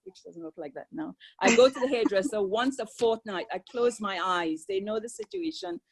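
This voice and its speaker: A woman's voice: a little high, sing-song, normal speed, gravelly, slightly rough, poor audio. An older woman, speaking as a caregiver guest on a webinar, earnest and conversational. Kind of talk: sharing personal experience on a webinar.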